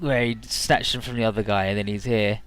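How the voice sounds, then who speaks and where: A man casually recapping a game's story as a let's-play commentator, full of fillers and swearing, often jumping into quick mock voices for the characters. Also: lowish voice, fairly even intonation, a bit bright, clean tone, soft background music.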